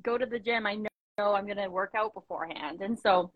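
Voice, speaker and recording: A woman's voice: mid-range voice, a little fast, dry recording, lo-fi sound. A young woman business owner chatting casually on a video call, full of fillers and quoted asides. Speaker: coaching client, business owner.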